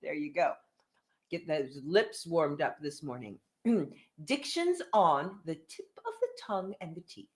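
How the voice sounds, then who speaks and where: A woman music teacher leading an online singing lesson from home, cheerfully coaxing her students through warm-ups at a desk microphone. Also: low-pitched, animated, measured pace. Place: home room with ukuleles.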